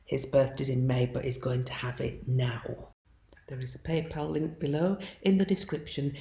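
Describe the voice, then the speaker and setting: Woman, voice-over, polite and measured, warm tone, roomy echo. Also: very deep voice, fairly even intonation. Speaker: vlogger. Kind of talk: voice-over appeal to viewers. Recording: echoey room.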